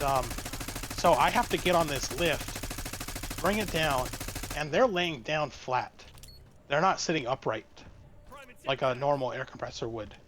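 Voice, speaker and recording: A man recounting a story to an interviewer, stopping and restarting often. His voice sits a bit high, and faint background noise runs under it. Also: fairly bright tone. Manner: halting, many fillers and restarts. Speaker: streamer guest. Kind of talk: casual storytelling.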